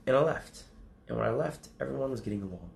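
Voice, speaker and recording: Gravelly, profane man streaming casually. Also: mid-range voice, lively intonation, quick pace, roomy sound, a little hiss or hum. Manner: rambling, profane, laughs a lot. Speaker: livestreamer. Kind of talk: casual livestream chat to viewers.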